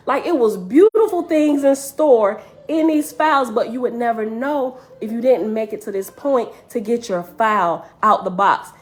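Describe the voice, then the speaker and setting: A woman's voice: fairly high pitch, normal speed, hardly any pauses. A woman telling a dream story to her listeners in an earnest, emotional way, speaking to them directly.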